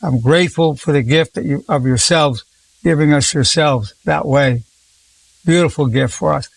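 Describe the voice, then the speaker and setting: A man's voice: fairly high pitch, moderate pace, creaky, a little hiss or hum. A man in his eighties, a psychologist leading a group session, who talks effusively and keeps repeating words of praise. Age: 80s. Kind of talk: encouraging group talk.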